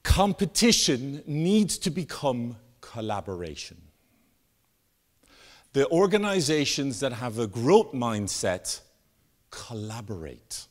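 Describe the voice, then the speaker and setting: A man giving a live keynote talk, telling stories and jokes with animated, sweeping emphasis. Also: medium pitch, slow pace. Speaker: keynote speaker. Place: conference stage with an audience.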